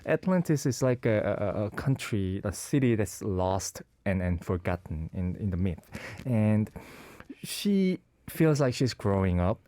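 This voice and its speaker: A man's voice: on the low side, sing-song, a little slow, warm tone, no echo. A man co-hosting a radio music show, casually presenting a song pick and searching for his words. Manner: hesitant, many fillers and restarts, searching for words. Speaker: radio co-host.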